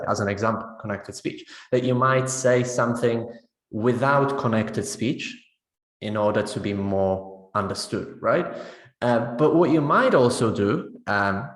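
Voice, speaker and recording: A man talks teachers through a pronunciation lesson in a loose, conversational webinar style. He keeps checking in with a quick "right?" as he goes, and his mid-pitched voice carries a roomy echo. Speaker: teacher trainer.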